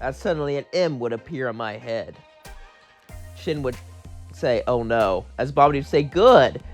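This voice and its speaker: A man's voice: medium pitch, moderate pace, faint music behind. A young man casually narrating his own fan-fiction adventure, rambling and acting out every character himself. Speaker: storyteller.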